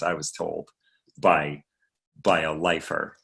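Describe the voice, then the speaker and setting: A man's voice: low-pitched, fairly even intonation, slow pace, gravelly, sharp tone. A man from Maine, a guest actor chatting casually in a livestream Q&A, rambling with fillers and swearing freely. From Maine, USA.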